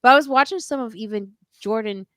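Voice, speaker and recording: A woman's voice: fairly high pitch, brisk, a bit bright, no echo, studio quality. A woman co-hosting a podcast in casual chat, telling stories animatedly and laughing often. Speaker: podcast co-host.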